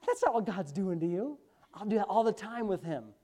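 A man preaching a sermon as pastor, emphatic, slipping from quick asides into loud, drawn-out stresses. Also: high-pitched, very animated.

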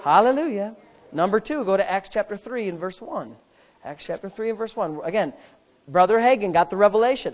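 A woman preaching a sermon, emphatic and repetitive, building to forceful peaks as she drives her point home. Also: medium pitch, expressive, a little fast.

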